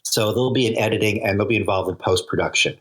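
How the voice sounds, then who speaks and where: Older guy yakking about tv writing, lowish voice, laughs a lot. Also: fast talker, fairly bright tone. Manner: chatty, laughs often, many fillers. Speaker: guest, TV comedy writer and producer. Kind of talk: casual storytelling interview.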